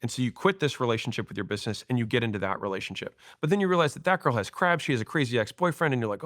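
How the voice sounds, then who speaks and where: A man in his thirties, a podcast guest, telling stories and acting out quoted lines in an animated way. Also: on the low side, fast, dry recording, clean studio sound. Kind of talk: storytelling interview talk.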